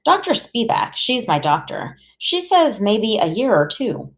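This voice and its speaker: A woman's voice: a little high, very animated, a little slow, voice pushed up. A woman voicing a small clever boy who talks in formal, lofty words and bosses others around. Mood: calm. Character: small clever sick boy, bossy and grandiose.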